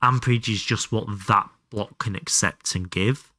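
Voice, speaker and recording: A man's voice: on the low side, moderate pace, sharp tone, dry recording, studio quality. A young man chatting casually and thinking aloud while streaming a game, swearing freely. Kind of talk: casual live gameplay commentary.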